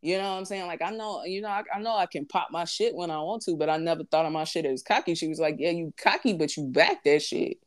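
A woman's voice: on the low side, fast talker, few pauses. A woman, talking bluntly and profanely in casual chat, repeating her points for emphasis.

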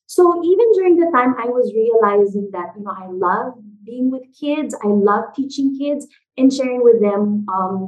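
Woman guest, theater founder, high-ish voice, chatty and animated with plenty of fillers. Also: narrow, tinny audio. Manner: animated storyteller, lots of fillers like "like" and "you know". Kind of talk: casual interview chat.

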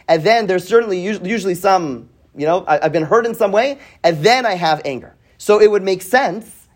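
In a classroom, a Torah teacher whose voice sits high runs a weekly Bible class. Reading Hebrew verses aloud, he translates them, questions the students, frequently adds "right?", and repeats words while thinking out loud.

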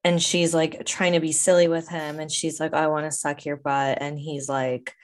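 A woman's voice: low-pitched, little pitch movement, normal speed. A woman guest on a podcast, talking casually in short, hesitant replies. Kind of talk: casual chat.

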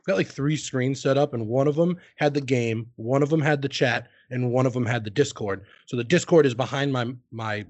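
A man's voice: mid-range voice, normal speed, hardly any pauses, dry recording. A man hosting a podcast, telling rambling, self-deprecating stories in casual chat and swearing freely. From United States. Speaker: streamer and podcast host.

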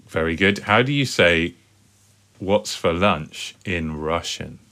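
A man's voice: sits low, lively intonation, takes it slowly, sharp tone. A middle-aged man co-hosting a home podcast with his daughter, chatty and upbeat. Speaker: co-host, father. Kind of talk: casual family podcast chat.

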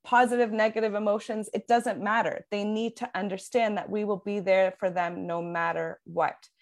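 An earnest woman speaks in a relaxed podcast chat, explaining at length with plenty of "like" and "um" along the way. She talks as a parenting coach, restarting her sentences as she works through her points. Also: mid-range voice, moderate pace. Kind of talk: casual podcast conversation.

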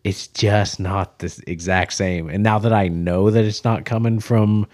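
A man's voice: fairly low pitch, steady tone, normal speed, darkish tone, dry recording, studio quality. A man from Kansas with a slight Kansas accent, a guest brewer chatting loosely on a podcast and swearing freely. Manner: loose, swears freely, jumps between thoughts. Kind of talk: casual podcast chat.

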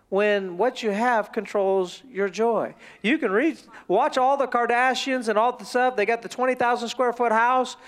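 A male pastor speaking in a church sanctuary, his voice sitting unusually high. He preaches in an animated, storytelling way, with playful asides to the congregation. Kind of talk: sermon.

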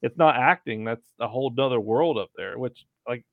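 A man's voice: mid-range voice, moderate pace, vocal fry, no room sound. A man giving a hesitant opinion in casual review chat, with many "um" fillers. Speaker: podcast panelist. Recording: tinny phone line, dry.

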